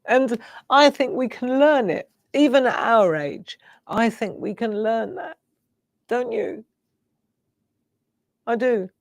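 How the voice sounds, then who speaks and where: A woman's voice: on the high side, expressive, takes it slowly, gravelly, long pauses, no room sound, studio quality. A middle-aged woman, hosting a live craft show and musing in a rambling, reflective way while tearful. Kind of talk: casual live-stream chat.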